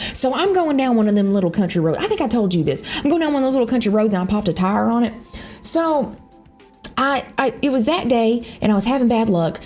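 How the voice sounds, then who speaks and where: A young woman with a Southern US accent, rambling through casual stories while she plays a game, swearing freely. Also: medium pitch. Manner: rambling, animated, swears freely, frequent laughter. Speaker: YouTuber. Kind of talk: casual storytelling chat.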